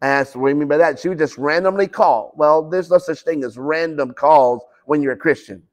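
A man's voice: fairly high pitch, a little fast. A man preaching a conversational sermon in a church, often restarting phrases and acting out quoted conversations. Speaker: pastor. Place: church sanctuary.

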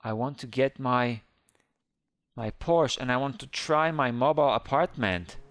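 A man giving excited, playful game commentary who squeals up high whenever he panics. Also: measured pace, no echo. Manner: squeals high when panicked, playful kid-friendly banter. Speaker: gaming YouTuber.

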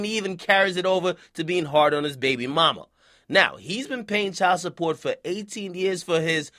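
A man's voice: high-pitched, no room sound, clean studio sound. A young man giving a casual, profane, slang-heavy rant about celebrity gossip for his channel. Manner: animated, profane, slangy street talk. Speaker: YouTube commentator.

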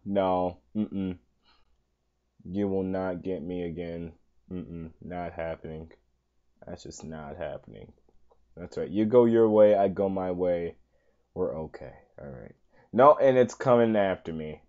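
A man giving let's play commentary on a game, talking to the screen, coaxing and pleading over and over, with sudden high exasperated outbursts. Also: mellow, dull audio. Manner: talks to the game, pleading and coaxing with lots of repetition; exasperated outbursts, voice jumping high when upset. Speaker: gaming channel host.

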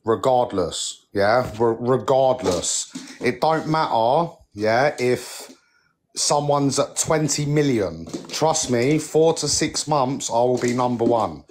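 A man's voice: medium pitch, slow pace, slight background noise. A young man venting angrily on a live stream, swearing and leaning on "mate" and "like". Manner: heated, swearing, repeats "mate" and "like". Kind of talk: angry rant on a live stream.

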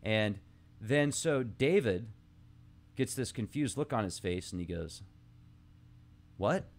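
A man's voice: fairly low pitch, expressive, unhurried. A man hosting a podcast, musing aloud in a rambling, casual monologue with asides, reading old texts aloud between his thoughts. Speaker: podcast host.

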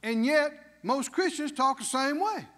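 Male pastor, animated slow preaching, high voice, church hall echo. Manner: emphatic call-and-response preaching. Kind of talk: sermon.

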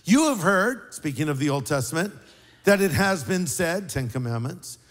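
An older man preaching a sermon as pastor, an animated storyteller with wry, sarcastic asides. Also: a little high, normal speed, long reverb tail.

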